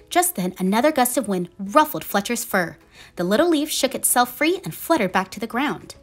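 A woman reading a children's picture book aloud in a gentle, expressive storytelling manner. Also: a little high. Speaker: storybook reader.

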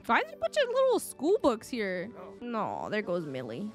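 A woman streaming a life-sim game, chatting excitably with frequent gasps and laughs. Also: mid-range voice, moderate pace, faint music behind. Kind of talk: casual gameplay commentary.

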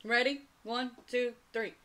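A woman's voice: a little high, steady tone, unhurried, loud music behind the voice. A woman hosting an eating show, chatting casually and talking straight to her viewers. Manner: chatty, addresses viewers as y'all. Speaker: mukbang channel host.

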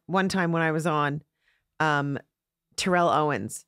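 A woman's voice: sits low, unhurried, clear, resonant tone, no room sound, clean studio sound. A woman comedian telling a story in casual podcast chat, acting out the voices of the people in it. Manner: animated, acts out voices in her stories. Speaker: guest comedian. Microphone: podcast studio mic.

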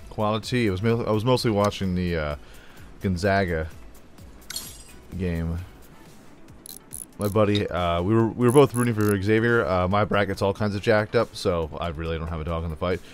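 A man's voice: sits low, moderate pace, long pauses, soft background music. A young man hosting a gameplay video, telling rambling jokey stories into a desk mic while he plays, with little sound effects. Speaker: let's play host. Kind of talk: casual gameplay chat. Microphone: desk microphone.

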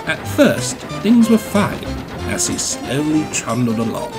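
Male storybook narrator, gentle, lively pitch, music underneath. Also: measured pace. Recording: music playing behind.

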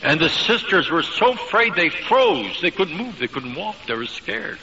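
A man preaching a sermon, telling stories emphatically with dramatic pauses. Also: a little high, big pitch swings, vocal fry, sharp tone, slight background noise. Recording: dull lo-fi recording with long hall reverb.

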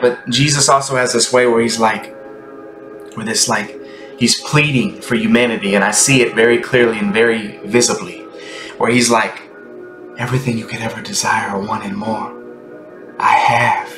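Man, mid-range voice, ecstatic off-the-cuff spiritual musing with whispered asides; echoey room, music bed. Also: medium pitch. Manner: rambling, ecstatic, drifting into hushed whispers. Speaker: Christian content creator. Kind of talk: spontaneous spiritual monologue.

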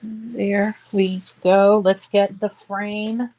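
A woman's voice: mid-range voice, flat delivery, drawn-out words, background noise. A woman hosting a casual craft tutorial, chatting to her viewers in a rambling way with many fillers. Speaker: craft show host.

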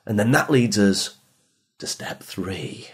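A man speaking as a motivational speaker to teenagers and parents, emphatic and repetitive, sometimes dropping soft for emphasis. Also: fairly low pitch, expressive, slow pace. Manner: emphatic, repeats phrases, drops soft for emphasis. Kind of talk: motivational podcast talk.

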